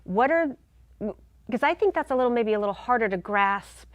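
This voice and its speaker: A woman's voice: a little high, lively intonation, a little fast, dry recording, highs cut off. A woman interviewing a guest, asking friendly follow-up questions. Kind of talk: conversational interview.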